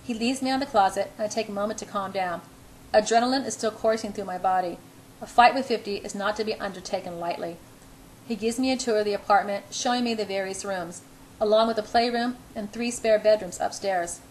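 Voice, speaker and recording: A woman's voice: mid-range voice, fairly quick, slight background noise, low-quality recording. Woman narrating a novel wryly. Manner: wry inner monologue with small restarts. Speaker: audiobook reader. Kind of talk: first-person novel narration.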